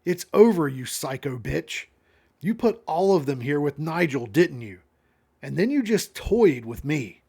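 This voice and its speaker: A raging woman at her breaking point hurls loud accusations, as a man reads her lines from a comic. The voice sits a little higher than plain talk and is pushed to a shout. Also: sing-song, unhurried, creaky, breathy edge, full character voice. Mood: furious.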